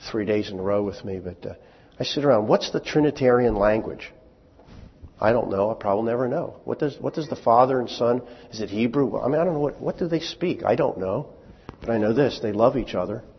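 A man's voice: fairly low pitch, creaky, slightly rough. A pastor in his sixties preaching a sermon, stumbling over and repeating words with folksy asides. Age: 60s. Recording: dull sound with long hall reverb.

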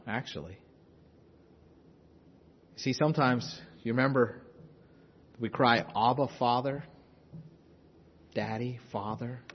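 A man preaching a sermon as pastor, swinging between loud urgency and hushed, intense passages. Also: mid-range voice, big-room sound, muffled recording, slight background noise.

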